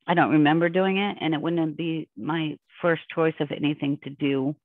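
A woman's voice: low voice, fairly even intonation, moderate pace, no room sound. A woman guest in an interview, telling a personal story in an intense, rambling, emotional way over a remote call. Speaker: podcast guest. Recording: dry, tinny phone-line sound.

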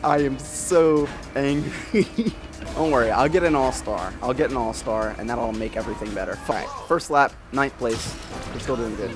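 A man doing casual let's-play commentary over game music, his voice mid-range and his pace moderate. He swears and sounds exasperated while trash-talking the rival racers.

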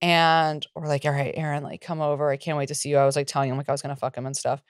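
A woman's voice: deep voice, racing, clean tone, dry recording, studio quality. Foul-mouthed woman podcast co-host spinning stories. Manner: profane, animated storytelling with acted-out quotes. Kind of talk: casual chat.

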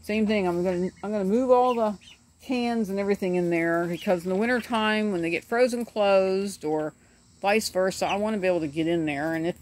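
With a medium-pitched, darkish voice and a slightly fast pace, this middle-aged homesteader vlogger chats in a rambling, easygoing way, laughing often. She films her ducklings with a handheld phone outdoors in a yard near animal pens. Duckling chirps, birds, and faint outdoor ambience fill the background.

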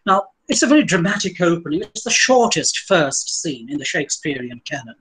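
A man with an Indian English accent giving an academic lecture on Shakespeare's verse over a video call, reading lines aloud slowly with stressed beats, then explaining with fillers. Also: on the high side, big pitch swings, fairly bright tone, slightly rough, rough recording.

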